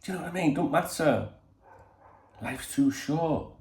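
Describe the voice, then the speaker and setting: This channel host speaks at a fairly high pitch and normal speed, his tone darkish and the room reverberant. Chatting casually to camera at home in Spain, he rambles on, curses freely and fills his talk with "you know".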